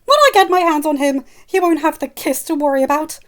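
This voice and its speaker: A woman voicing a frantic, fiercely protective witch mother who talks shrilly, near shouting. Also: high-pitched, a little fast, pitched above the performer's own voice, close to an everyday voice. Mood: furious.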